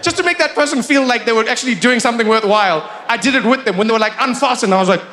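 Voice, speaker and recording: High-voiced male stand-up comedian. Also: very noisy. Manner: animated, playful, quick impressions.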